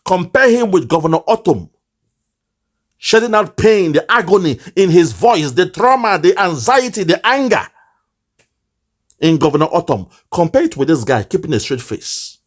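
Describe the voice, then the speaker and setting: A man's voice: high voice, very animated, normal speed. A man with a Nigerian accent giving impassioned political commentary, lamenting and repeating phrases for emphasis. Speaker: online commentator.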